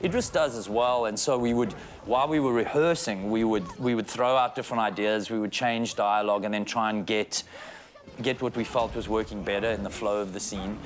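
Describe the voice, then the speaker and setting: A South African man, an actor being interviewed, telling stories in a loose, animated way and laughing often. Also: fairly low pitch, brisk. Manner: animated storyteller, acts out quotes, laughs often. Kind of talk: casual press interview.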